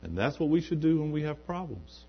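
A man's voice: a little high, very animated, fairly quick, gravelly. A man preaching a sermon in a church, building to emphatic peaks and acting out quoted asides. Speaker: pastor. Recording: dull lo-fi recording.

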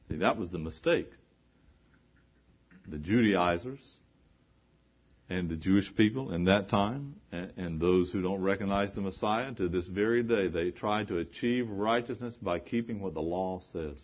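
In this lo-fi recording with a muffled top end, a very low-voiced man delivers a sermon, leaning on repeated phrases and rhetorical questions. He takes his time, and his voice has a slightly rough edge.

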